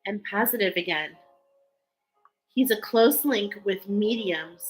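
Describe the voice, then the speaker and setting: A woman's voice: mid-range voice, slow pace, long pauses, faint music behind, rough recording. A woman giving a spiritual card reading in an earnest, emotional way, reading card texts aloud between loose, filler-filled remarks. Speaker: tarot card reader.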